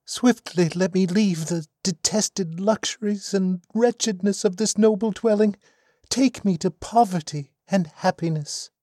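A man's voice: high-pitched, unhurried, mellow, no echo, clean studio sound, pitched above the performer's own voice. A man voicing a proud, spirited young woman who pleads passionately to run away. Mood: pleading. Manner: impassioned pleading.

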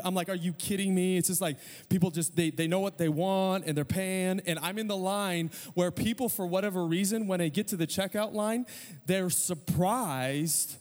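A middle-aged male pastor preaching a sermon, telling a story with self-deprecating humor and quick asides. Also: sits high, a little mellow, in a large hall.

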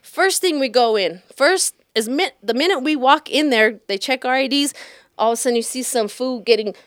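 A woman's voice: moderate pace, no echo, clean studio sound. A woman telling a profane bar story in casual chat, acting out the people she quotes. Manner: animated, profane, acts out quotes in a higher voice. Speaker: storyteller guest.

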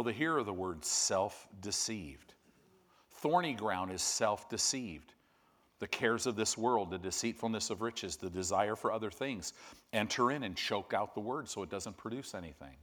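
A man preaching a sermon. He tells stories with lively, loud bursts and then drops to low, quiet emphasis.

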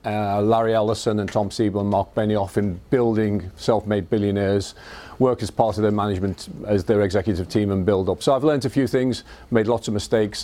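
A man's voice: on the low side, mellow. A middle-aged man with a Scouse accent giving an evening talk to an audience, telling life stories in a self-deprecating way with frequent restarts. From Liverpool, England. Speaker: invited speaker.

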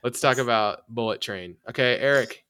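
Bright-voiced man chatting about movies. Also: medium pitch, moderate pace, smooth, no echo, studio quality. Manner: animated, laughs often, many restarts. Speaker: podcast host. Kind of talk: casual movie chat.

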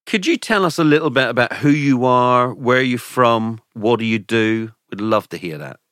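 A man's voice: mid-range voice, lively intonation, normal speed, fairly bright tone, dry recording, studio quality. A man with an Irish accent hosting a podcast and welcoming his guest in a friendly way. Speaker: podcast host. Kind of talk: podcast interview.

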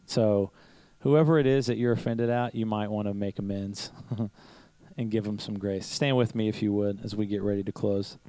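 A man with a fairly low, steady, warm voice speaks at a moderate pace, recorded with no room sound and in low quality. He's a pastor at a church service delivering a conversational sermon full of stories, rhetorical questions, and the odd chuckle.

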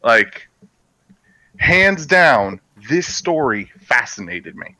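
A man co-hosting a casual movie podcast, his voice bright and forward. He sounds close and dry, with no room around him. He rambles eagerly and often restarts his sentences. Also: mid-range voice, very animated, extremely slow, no echo, low-quality recording. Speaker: podcast co-host.

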